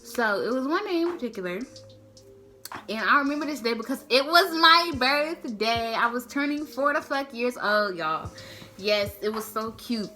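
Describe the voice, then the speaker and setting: A woman tells a casual storytime to camera, loud with slang and swearing. Her voice sits high and sounds bright and forceful, and her pitch jumps wide as she acts out everyone in the story. Soft music plays underneath. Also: normal speed. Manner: slangy, profane, animated, acts out quotes. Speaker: storytime vlogger.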